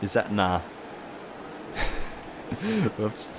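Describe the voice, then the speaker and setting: A man's voice: fairly low pitch, wildly swooping pitch, very slow, background noise. A man streaming live, giving chatty play-by-play commentary on a football video game and reading out viewer comments.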